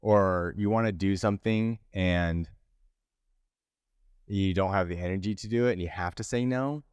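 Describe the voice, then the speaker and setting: A man's voice: low voice, moderate pace, a little mellow, clean tone, dry recording. A man hosting his own podcast, talking casually and candidly, rambling with many restarts. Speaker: podcast host. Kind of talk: casual solo podcast monologue.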